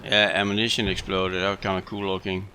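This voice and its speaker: Low, bright-toned man casually commenting on his gameplay, light background hiss. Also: brisk. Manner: relaxed, chatty, self-amused. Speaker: gaming video host.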